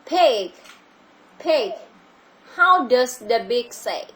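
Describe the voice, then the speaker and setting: Slow, patient Vietnamese-accented woman teacher. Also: on the high side, sing-song, fairly bright tone. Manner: slow, patient, repeats questions. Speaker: English teacher. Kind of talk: online English lesson for a child.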